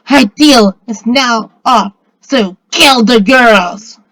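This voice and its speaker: Brief: man voicing a commanding harpy, slow deliberate orders, storybook read. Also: high-pitched, sing-song, no echo, voice pushed up, rough recording. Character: commanding male harpy, ruthless.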